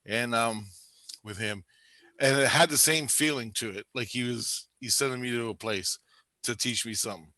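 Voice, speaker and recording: A man's voice: medium pitch, normal speed, sharp tone, dry recording. A man telling a rambling, profane story in casual chat, laughing often.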